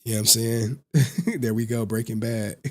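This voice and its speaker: Man, thirties, live-stream host, slangy, laughs a lot, gravelly, husky. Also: mid-range voice, unhurried. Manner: slangy, laughs often, animated storytelling. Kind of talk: casual live-stream commentary.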